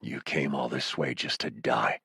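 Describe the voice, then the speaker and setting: A scarred warlord with a gloating, contemptuous edge, as a male audiobook narrator puts him on. The voice sits very low and quiet, with a rough, altered tone and a dry, close sound. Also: steady tone, measured pace, no room sound, full character voice. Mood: menacing.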